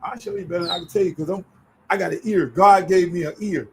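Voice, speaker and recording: A middle-aged man hosting his own show, telling casual stories in an animated, profane way. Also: high voice, fast talker, creaky, a little hiss or hum, low-quality recording. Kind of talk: casual storytelling.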